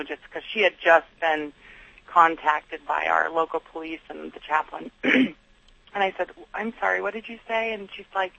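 A middle-aged woman speaks in an earnest interview voice, gravelly at the edges and bright in tone. She acts out her own thoughts as she tells them. The recording is dull and lo-fi, with a dry sound. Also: fairly low pitch. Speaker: guest. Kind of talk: candid interview storytelling.

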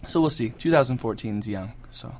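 A man from Canada, a guest musician chatting casually in a radio studio, relaxed and easygoing with lots of fillers. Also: mid-range voice, normal speed, slight background noise. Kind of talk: casual interview chat.

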